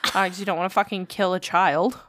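A woman's voice: on the low side, fairly even intonation, fast, fairly bright tone, dry recording. A woman co-hosting a podcast, telling a story in casual, profane chat and acting out the quotes. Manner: profane, chatty, acts out quotes. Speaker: podcast co-host.

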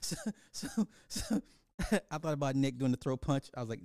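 A man with a fairly high voice rants through a casual movie review, swearing freely and breaking into laughter between lines. His delivery is loose and animated, and the recording is dry and close, with no room sound. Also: unhurried, smooth, dry recording. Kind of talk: casual profane rant to camera.

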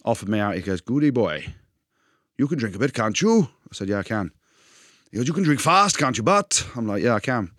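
A man co-hosting a podcast, telling animated stories in casual banter and acting out other people's voices. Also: medium pitch, brisk, no echo, studio quality. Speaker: podcast co-host.

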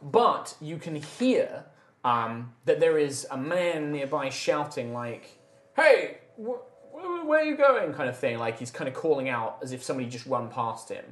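A man's voice: mid-range voice, moderate pace, fairly bright tone. A man narrating as game master of a tabletop game, loose and rambling with many fillers. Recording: echoey room with faint music.

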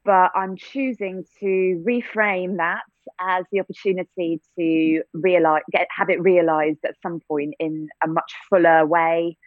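A woman's voice: fairly low pitch, fairly even intonation, measured pace, dry recording. A woman from England, an actor, answering interview questions reflectively with frequent restarts. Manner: reflective, many restarts and fillers, light laughs. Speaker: actor and theatre-maker. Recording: dry, phone-like line.

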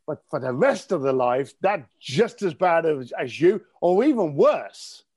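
A man from East tells stories bluntly and cheekily, swearing freely. His voice sits high, and his pitch leaps around with animated energy. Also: measured pace, breathy edge. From East London. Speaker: interview guest. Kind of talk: casual storytelling interview.

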